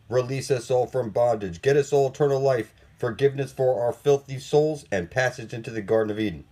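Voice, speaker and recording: A man's voice: on the low side, dark tone. A man delivering a threatening, profane monologue as a channel host, taunting and contemptuous. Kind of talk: menacing monologue to camera.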